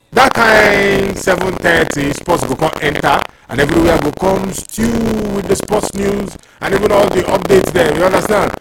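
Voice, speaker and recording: A man's voice: high voice, creaky. A man with a Nigerian accent presenting casual radio in a playful, slangy, hyping manner. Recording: loud background noise.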